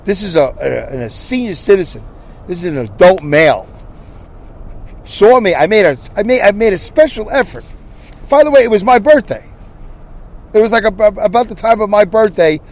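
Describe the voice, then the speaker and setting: A man's voice: high voice, lively intonation, moderate pace, long pauses, a little mellow. A man hosting a podcast, telling a story in a casual monologue with exasperated ranting and frequent restarts. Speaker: podcast host.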